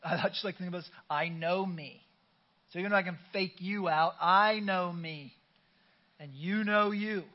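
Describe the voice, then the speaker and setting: A man's voice: high-pitched, brisk, dull audio. A pastor preaching a conversational sermon to his congregation, urging them to call back their response. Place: church sanctuary.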